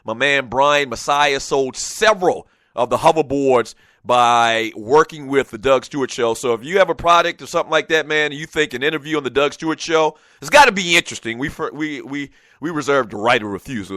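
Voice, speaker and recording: Animated man hosting a sports talk show. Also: mid-range voice, a little fast, no echo. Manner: animated, chatty, speaks straight to listeners.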